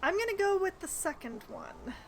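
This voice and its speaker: Her voice is very high-pitched and gravelly, swooping wildly in pitch at a normal speed. She's a gamer streaming a role-playing game, voicing its dialogue and adding wry, talkative asides, on a low-quality recording with a bit of background noise.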